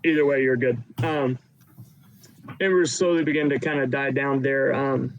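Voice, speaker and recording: A man's voice: medium pitch, steady tone, moderate pace, dull audio, slight background noise. A man narrating a tabletop game as game master, rambling with many fillers.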